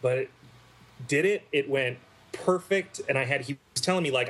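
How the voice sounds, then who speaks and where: A man, an actor guest, telling animated anecdotes in a casual interview, laughing as he goes. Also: medium pitch, moderate pace. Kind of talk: casual storytelling.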